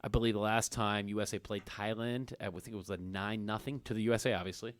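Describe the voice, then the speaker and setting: A man's voice: fairly low pitch, fairly even intonation, fast, clean tone, dry recording. Jokey man hosting sports radio. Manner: jokey, laughs often, banters. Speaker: radio sports show host. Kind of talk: casual sports talk. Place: radio studio.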